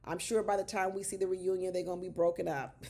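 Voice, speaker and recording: Gravelly-voiced woman doing animated show commentary. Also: lowish voice, quick pace. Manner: animated, exclaiming, addresses viewers as y'all. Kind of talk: casual commentary vlog.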